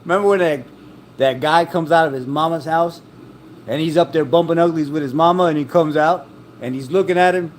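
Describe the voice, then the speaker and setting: A man's voice: fairly high pitch, fairly quick, a little hiss or hum. A man chatting casually and rambling from one joke to the next, laughing at his own stories. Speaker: vlogger. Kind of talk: casual chat.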